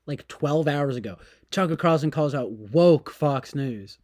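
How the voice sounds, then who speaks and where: A man's voice: a little high, expressive, unhurried, a little mellow, no echo, clean studio sound. A man streaming, talking casually in a sarcastic, mocking and rambling way.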